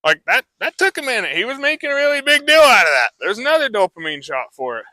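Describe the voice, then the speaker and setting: A man's voice: extremely high pitch, sing-song, fast talker, bright, forceful tone, no room sound. A man who trains horses, talking a live audience through a demonstration in a casual, rambling way full of fillers.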